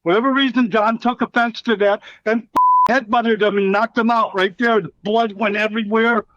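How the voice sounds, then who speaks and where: Middle-aged man, fairly high voice, rambling profane storyteller, dull dry recording. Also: steady tone, moderate pace, a bit bright, no room sound. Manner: rambling, profane, acts out quotes from others. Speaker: interview guest, former wrestler. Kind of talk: casual storytelling interview.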